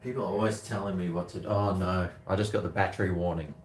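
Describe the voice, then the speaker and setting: A man's voice: sits low, fairly even intonation, fast talker, reverberant, distant mic, background noise. A man with an Australian accent, chatting bluntly and rambling while he cooks in his home kitchen, swearing freely. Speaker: cooking vlogger. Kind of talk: casual talk to camera while cooking.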